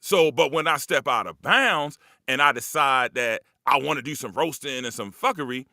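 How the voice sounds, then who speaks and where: A man's voice: medium pitch, moderate pace, hardly any pauses, bright, forceful tone, no echo, studio quality. Profane, rambling man hosting a live talk. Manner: loose, profane, rambling, streetwise. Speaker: host. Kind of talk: casual monologue to a live audience.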